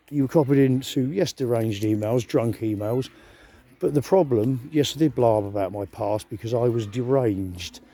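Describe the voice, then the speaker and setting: A man's voice: mid-range voice, warm tone, husky. A man giving a rambling, aggrieved, profane monologue straight to camera as a vlogger.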